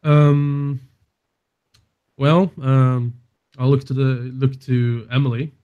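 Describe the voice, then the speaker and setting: A man's voice: medium pitch, flat delivery, takes it slowly, warm tone, smooth, muffled recording. A man playing a tabletop game, speaking casually and hesitantly. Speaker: player.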